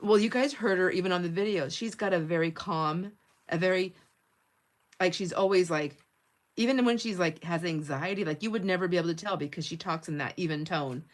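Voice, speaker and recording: A woman's voice: lowish voice, a little fast. Chatty, laughing woman livestreaming while crafting. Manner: chatty, laughs often, reads viewer comments aloud. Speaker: livestream host.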